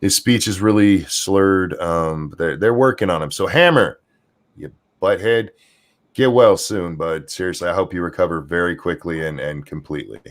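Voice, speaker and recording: A man's voice: sits low, normal speed. A man co-hosting a livestream in casual chat, reading out and thanking viewers' donations. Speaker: co-host.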